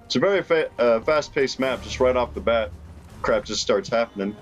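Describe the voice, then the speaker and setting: A young man giving casual gameplay commentary, reacting excitably with laughs and rambling remarks. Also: medium pitch, moderate pace, highs cut off. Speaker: gaming YouTuber. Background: game music.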